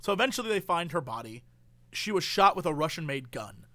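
Animated high-voiced man recapping a movie. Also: brisk, dry recording. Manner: animated storyteller, acts out quotes. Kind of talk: casual chat, movie recap.

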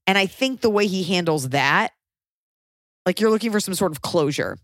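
Woman, 30s, advice co-host: blunt, emphatic, swears freely, mid-pitched, dry close mic. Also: animated, normal speed, a bit bright, no echo. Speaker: podcast co-host giving advice. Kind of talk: casual advice chat.

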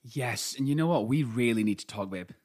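A man's voice: medium pitch, animated, a little fast, darkish tone. A man co-hosting a podcast, dramatic and campy, swearing freely in casual banter. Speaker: podcast co-host.

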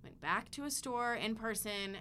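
A woman in her thirties co-hosting a podcast, chatty and rambling as she tells a story. Her voice is bright and forward, and she keeps restarting her sentences. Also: fairly high pitch, moderate pace, a little hiss or hum. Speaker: podcast co-host. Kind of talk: casual chat.

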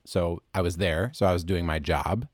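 A man's voice: deep voice, steady tone, normal speed, no room sound, clean studio sound. A man playing an indignant employee and then a lawyer in an improv comedy scene, protesting and objecting.

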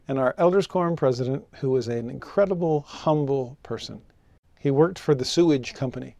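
A man teaching a scripture lesson, telling personal stories with animation and slowing down to read verses solemnly. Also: no room sound. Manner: expressive, rises in pitch for rhetorical questions.

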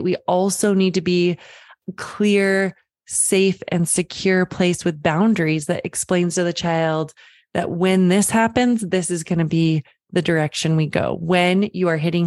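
A woman's voice: lowish voice, no echo, studio quality. A woman parenting coach giving direct advice to the listener, reassuring and calling them friend. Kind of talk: direct-to-camera advice talk.

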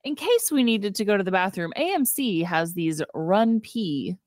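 A chatty woman co-hosts a movie podcast. She retells scenes in a lively storyteller's way, voicing the characters' lines and laughing along. Her voice is mid-pitched and close to the mic, and the room sounds dry. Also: normal speed, no room sound. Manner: chatty storytelling, acts out quotes, laughs often. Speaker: podcast co-host. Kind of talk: casual movie review chat.

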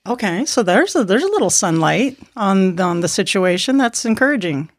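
A woman's voice: medium pitch, sing-song, moderate pace, dry recording, studio quality. A woman hosting a podcast, chatting casually and laughing often. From Miami. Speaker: podcast host. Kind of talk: casual interview chat.

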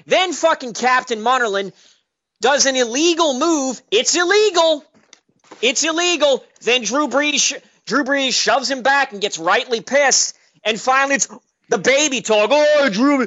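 A man rants into a sports radio call, combative and profane, circling back to the same jabs again and again. His voice sits high and sharp. The audio comes through dull and lo-fi. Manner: profane, combative, repetitive ranting. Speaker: caller. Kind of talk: angry sports radio rant.

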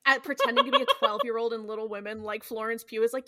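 Animated bright-voiced woman chatting casually. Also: fairly high pitch, fast, no echo, clean studio sound. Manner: animated, swearing, laughing often. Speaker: podcast co-host. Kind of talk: casual chat.

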